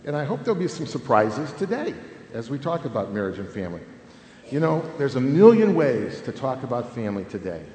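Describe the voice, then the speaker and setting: A man's voice: medium pitch, brisk. A man in his fifties giving a humorous conference talk on family ministry, telling stories and checking in with "okay?" all the time. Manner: animated, humorous, keeps adding "okay?". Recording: echoey hall with long reverb, faint noise.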